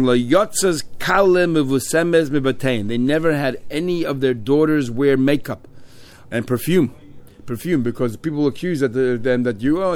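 A Talmud teacher with an ordinary mid-pitched voice leads a class at a quick pace. He reads Hebrew and Aramaic lines aloud and explains them in English as he goes.

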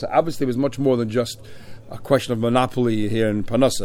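A man leads a Talmud class at a quick clip, reading out Hebrew and Aramaic lines and translating them into as he goes. His voice sits at an ordinary middle pitch. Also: darkish tone. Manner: reads Hebrew and Aramaic phrases then explains in English. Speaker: Talmud teacher.

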